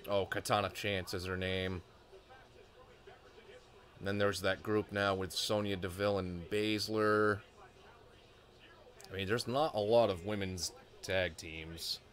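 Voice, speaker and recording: Low-voiced man chatting through a live reaction. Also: fairly even intonation, slow pace, long pauses, fairly bright tone. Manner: chatty, thinks aloud with fillers and asides. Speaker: wrestling reaction streamer. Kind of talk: casual live reaction commentary.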